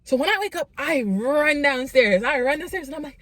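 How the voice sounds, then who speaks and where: Woman vlogger, casual storytime, animated with many fillers, fairly high, dry close sound. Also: fairly quick, few pauses, no echo. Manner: animated, lots of "like", acts out quotes.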